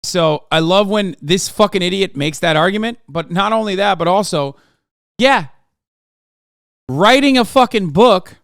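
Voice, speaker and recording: A man rants sarcastically and profanely as he hosts a political stream. His voice sits fairly high and sounds smooth and clear. It is recorded close and dry. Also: a bit bright, no room sound. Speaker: streamer host. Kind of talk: live political commentary.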